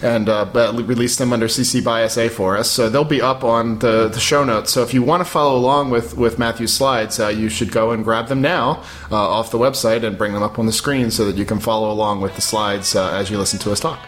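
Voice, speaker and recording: A man co-hosting a podcast in casual chat, quick and often repeating words as he restarts. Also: mid-range voice, fairly even intonation, fairly bright tone, faint music behind. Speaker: podcast co-host.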